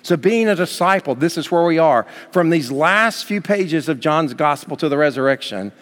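A man preaching a sermon as pastor, from the United States, building to fervent emphasis. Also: fairly high pitch. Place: church sanctuary. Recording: long hall reverb.

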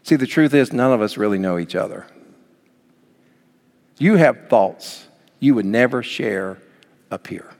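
A man preaching a sermon as pastor, swinging from soft, low passages up to near shouts. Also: lively intonation, a little slow, long pauses. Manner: dynamic preaching, rising to near shouts then dropping soft. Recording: long hall reverb.

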